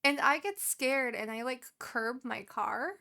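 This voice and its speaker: A young woman tells a work story on a casual podcast, acting out each exchange with lively swearing. Her voice sits a bit high and rings bright. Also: measured pace, creaky. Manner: animated, swearing, acts out quotes. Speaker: podcast co-host.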